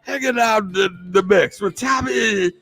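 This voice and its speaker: A man with a high, slightly slow voice hosts a casual livestream, a bit tipsy, cheerfully rambling through shout-outs to viewers while music plays faintly in the background.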